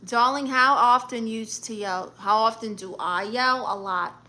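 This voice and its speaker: A woman's voice: a little high, measured pace, sharp tone. A woman hosting a casual live stream, reading viewer comments aloud and answering with blunt, sassy comebacks. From Puerto Rican and Guatemalan family.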